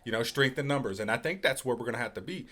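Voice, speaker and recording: A man hosting a live podcast, talking quickly and animatedly with his guest. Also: medium pitch. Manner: quick and animated, laughing along. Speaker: podcast host. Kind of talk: casual live podcast talk.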